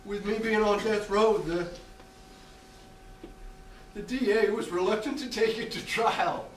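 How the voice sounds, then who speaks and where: A man performing a theatrical monologue on a small theatre stage, telling a confessional story with halting restarts. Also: sits high, slight background noise. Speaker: stage actor playing a death row inmate. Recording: roomy theatre sound from a distant mic.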